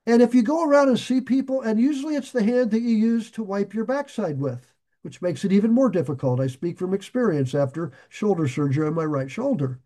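High, mellow-voiced male preacher. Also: lively intonation, brisk. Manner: reads scripture and paraphrases it in plain everyday words. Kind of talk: Bible teaching sermon.

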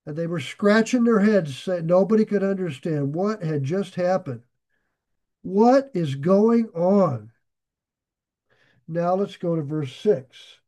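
A man's voice: sits high, normal speed, few pauses, warm tone. A middle-aged man preaching, reading scripture aloud and paraphrasing it in plain everyday words. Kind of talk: Bible teaching sermon.

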